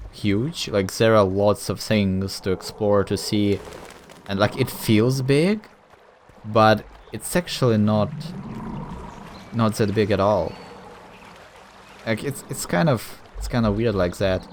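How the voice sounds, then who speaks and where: A man's voice: on the low side, a little hiss or hum. A man casually commenting while playing a video game, rambling and thinking aloud with lots of fillers. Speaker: gameplay commentator. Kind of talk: casual let's-play commentary.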